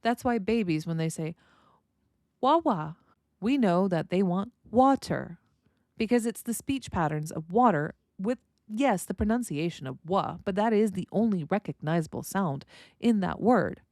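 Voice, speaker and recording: A woman's voice: medium pitch, animated, normal speed, darkish tone, dry recording, clean studio sound. An American woman hosting a solo podcast lesson, explaining points and illustrating them with spoken examples. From United States. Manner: explanatory, demonstrates with vocal examples. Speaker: podcast host and language teacher.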